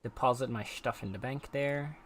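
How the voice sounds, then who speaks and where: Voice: medium pitch, normal speed, slight background noise. A game streamer chatting casually with viewers while playing, playful and teasing. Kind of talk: casual live-stream chat while gaming.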